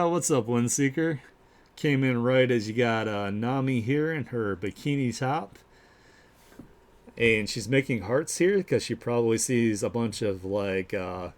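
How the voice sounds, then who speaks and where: Gushing over every piece of artwork, a man hosts a live art share stream in a casual, upbeat chat full of fillers and restarts. His voice sits in the mid range.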